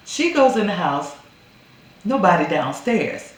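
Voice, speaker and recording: A woman casually recaps a film, acting out each character's lines. Her pitch swings widely while her pace stays unhurried. The voice rings in a very echoey room. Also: slight background noise. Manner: animated storytelling, acts out characters' lines. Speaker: movie reviewer.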